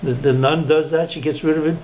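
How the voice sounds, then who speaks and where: A man telling a long shaggy-dog joke, chuckling at his own punchlines and slowing down to deliver them. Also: a little high, fairly even intonation, a little hiss or hum. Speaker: joke teller. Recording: narrow phone-like sound.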